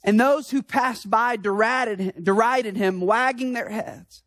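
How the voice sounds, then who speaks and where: A woman pastor preaching a sermon, impassioned, with rhetorical questions that build to shouted emphasis. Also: on the high side, slow, dry recording.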